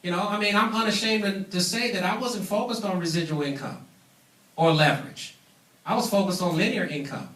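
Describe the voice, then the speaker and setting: Emphatic high-voiced man in echoey room. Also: a little fast, a bit bright. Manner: emphatic, preachy, calls for audience responses. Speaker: business trainer. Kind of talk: seminar training talk. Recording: echoey room, mic at a distance.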